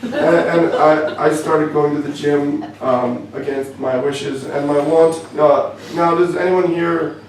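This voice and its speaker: A young man with a Canadian accent works through a stand-up set, dry and self-mocking, his delivery full of little halts and restarts. His voice sits a touch high for a man. It comes from a distance in an echoey club, with faint room noise around it. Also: steady tone. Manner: wry, self-deprecating, halting with many fillers. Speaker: stand-up comedian. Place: comedy club.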